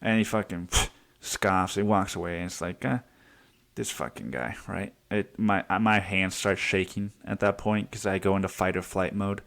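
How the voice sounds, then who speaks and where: A man's voice: deep voice, level tone, normal speed, a bit bright. Profane young man ranting casually. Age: 20s. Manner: profane, heated, acts out quotes. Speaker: podcast host. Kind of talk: casual storytelling monologue.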